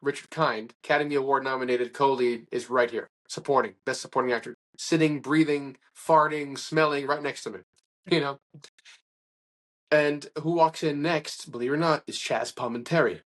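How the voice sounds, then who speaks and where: Man as a chatty interview guest, rambling anecdotes, restarts, medium pitch. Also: normal speed. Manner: rambling, animated anecdotes with restarts and acted-out quotes. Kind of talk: casual conversational storytelling.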